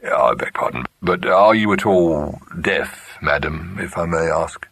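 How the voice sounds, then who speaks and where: A man's voice: extremely low pitch, very animated, moderate pace, sharp tone, slightly rough, full character voice. A man playing a diffident police inspector who speaks hesitantly and apologetically. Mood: deferential. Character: polite, diffident middle-aged male police inspector.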